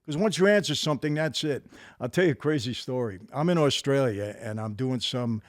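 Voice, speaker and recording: Male co-host, even middle pitch, direct and matter-of-fact storyteller, dry close mic. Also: no room sound. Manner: quick, emphatic agreement, matter-of-fact storytelling. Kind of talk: casual talk chat.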